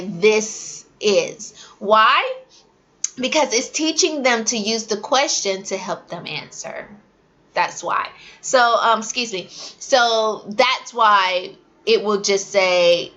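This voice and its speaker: A woman's voice: mid-range voice, highs cut off. A woman who teaches English to young learners, giving casual advice to new teachers and acting out classroom drills. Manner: animated, acts out classroom drills. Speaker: ESL teacher.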